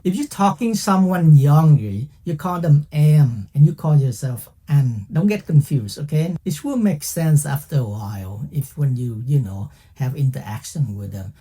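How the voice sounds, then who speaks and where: A man's voice: on the high side, mellow. A man teaching a casual language lesson, chatty and playful, often checking in with "okay?". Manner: playful, laughs at own jokes.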